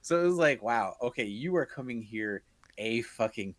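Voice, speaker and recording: A man's voice: mid-range voice, lively intonation, moderate pace, no room sound. A young man telling a casual, profane story on a podcast, laughing through his punchlines. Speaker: podcast co-host.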